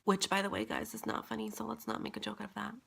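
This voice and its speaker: A man vlogging a casual storytime, retelling it in an animated, profane, dramatic way. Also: high voice, fast talker, gravelly, background noise.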